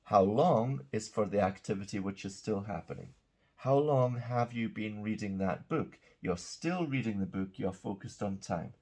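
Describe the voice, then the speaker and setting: A man's voice: fairly low pitch, normal speed, warm tone. A man teaching English grammar, patiently explaining example sentences and checking in with "okay?". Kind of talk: grammar lesson.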